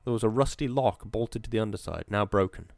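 A man's voice: lowish voice, a little fast, gravelly, darkish tone, no room sound. A man reading the lines of a defiant, sarcastic young mill worker, with a cocky, mocking delivery.

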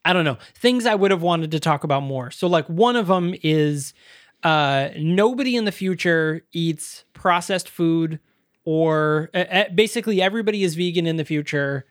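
A man's voice: a little high, lively intonation, moderate pace, no echo, studio quality. A man co-hosting a podcast, chatting casually about a movie, laughing often and swearing when annoyed. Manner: laughing, exasperated, swears freely. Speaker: podcast co-host. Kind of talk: casual movie review chat.

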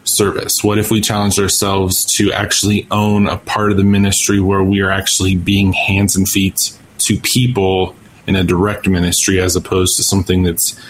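A man's voice: low-pitched, monotone, moderate pace, hardly any pauses, slight background noise, low-quality recording. A man on a podcast talking earnestly about church technology work. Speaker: podcast co-host. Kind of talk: casual podcast chat.

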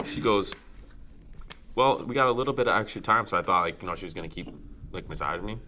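A low-voiced man spins a crude, laugh-filled story among friends. His tone has a bright, forward edge over a deep register, with a faint background hiss. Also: fast. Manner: profane, laughing, animated storyteller. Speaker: podcast co-host.

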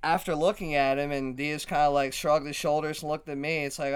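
A man co-hosting a casual podcast, telling a bar story in an animated, laughing way and swearing freely. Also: fairly high pitch, fairly quick, smooth. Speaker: podcast co-host.

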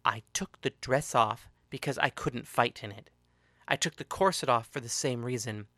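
A ruthless young woman fighter speaks in a low, controlled, quietly menacing voice, as a male reader puts her on. The tone stays bright and forceful, and the sound is dry and close. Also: moderate pace, no room sound. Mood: calm.

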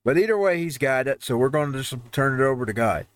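A man's voice: mid-range voice, lively intonation, quick pace, clear, resonant tone, no echo. A man hosting a home-made show, ranting over news headlines in a heated, rambling way with frequent restarts. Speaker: host. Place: home newsroom studio.

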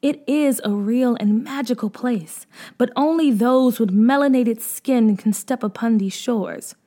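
Gentle girls of an island tribe welcoming a newcomer, voiced by a woman, soft and reassuring. Their words come slowly and carefully, set a little high.

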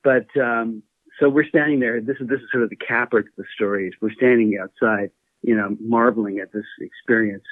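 A male guest telling a relaxed anecdote, laughing now and then as he goes. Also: medium pitch, a little fast, dry recording. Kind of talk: casual storytelling. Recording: tinny phone-line audio.

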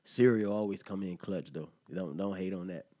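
A man's voice: low-pitched, moderate pace, mellow. A man hosting a podcast, riffing casually on an article with a laid-back, profane manner, chuckling often and asking listeners if they follow him. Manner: conversational, asks listeners "you feel me?". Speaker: podcast host. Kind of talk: casual monologue reacting to an article.

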